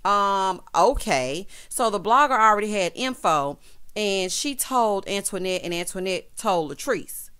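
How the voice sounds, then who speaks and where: A woman's voice: lively intonation, measured pace, clean tone. Sassy Southern woman dishing on reality TV. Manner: sassy, dramatic, keeps saying honey and child; swings between loud outbursts and low asides. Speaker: reality TV recap vlogger. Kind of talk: casual recap commentary.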